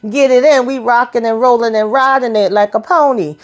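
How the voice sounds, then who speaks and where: A woman giving a casual, sassy recap of a TV episode, talking straight to her viewers in animated, colloquial speech. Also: on the high side, fairly quick. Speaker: TV recap vlogger.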